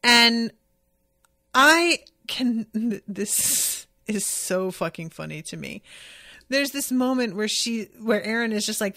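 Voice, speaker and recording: A woman's voice: a little high, lively intonation, takes it slowly, sharp tone, dry recording. Enthusiastic woman podcast host, dry sound. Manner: enthusiastic, swears freely, reads out chat comments. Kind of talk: casual episode recap chat.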